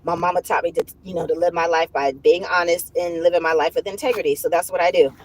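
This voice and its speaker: A woman hosting a livestream, casually retelling a story to her viewers in a profane, animated way, often breaking into laughter. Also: lowish voice, fast, poor audio. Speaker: livestream host.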